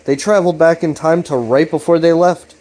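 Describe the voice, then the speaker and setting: A man talking through a loose, laid-back recap, cursing freely and often restarting his sentences. His voice sits somewhat higher than most men's. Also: fairly even intonation, brisk, dark tone. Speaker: video series host. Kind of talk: casual rambling recap.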